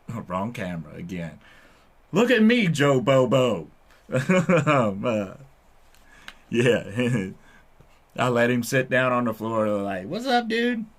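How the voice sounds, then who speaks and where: Brief: relaxed male vlogger, unhurried delivery, swooping lively pitch, laughs often. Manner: laid-back, rambling, laughs a lot. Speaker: channel host. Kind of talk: casual stoner chat to camera. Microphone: headphones and desk mic.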